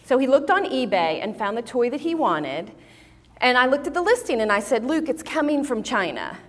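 A woman giving a sermon-style talk to a women's group, telling stories in an animated, expressive way. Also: a little high, a little fast. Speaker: speaker at a women's Bible study. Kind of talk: sermon-style teaching with storytelling. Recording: long hall reverb.

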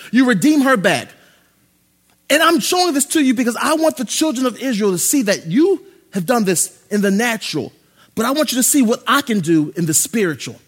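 A male pastor preaching a sermon, swinging from loud, excited preaching to low, hushed tones. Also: slightly rough.

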